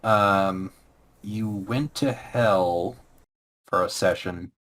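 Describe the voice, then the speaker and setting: A man who ran the tabletop games, chatting casually about past sessions, unhurried with fillers and bursts of laughter. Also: low-pitched, fairly bright tone. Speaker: former game master, podcast co-host. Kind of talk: casual storytelling chat.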